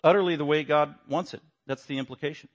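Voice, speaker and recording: Male Bible teacher, slightly high voice, emphatic, lecture style. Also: steady tone, fast talker. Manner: emphatic, swings between low asides and raised stresses.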